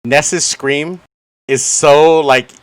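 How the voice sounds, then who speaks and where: A man's voice: fairly high pitch, fairly even intonation, takes it slowly, clean tone, no room sound. A man hosting a casual podcast, teasing friends and telling stories about them. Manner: teasing, storytelling, mimics friends. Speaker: podcast host, streamer.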